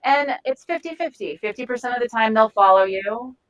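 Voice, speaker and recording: A woman's voice: fairly high pitch, lively intonation, fairly quick, fairly bright tone, clear, resonant tone, muffled recording. A woman giving a live training talk to a group in a room, conversational and often searching for words mid-sentence. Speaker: de-escalation trainer.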